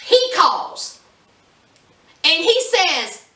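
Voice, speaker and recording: A sassy woman retelling a reality show episode in a casual vlog, her high voice swooping all over. She speaks slowly and brightly. The sound comes from a little way off in an echoey room. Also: recorded from a distance. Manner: animated, sassy storytelling. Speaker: TV show reviewer.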